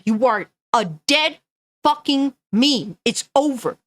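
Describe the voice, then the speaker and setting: A woman's voice: high-pitched, slow pace, no room sound. A woman gaming news streamer ranting angrily and bluntly, swearing often and reading chat comments aloud. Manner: angry, profane, blunt.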